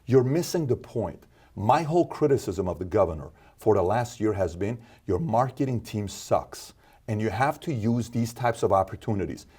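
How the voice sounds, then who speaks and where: A man from Iran, a podcast guest and entrepreneur, telling stories and acting out quoted exchanges with sudden jumps in pitch. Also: lively intonation, normal speed, warm tone, breathy edge. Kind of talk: animated storytelling interview talk.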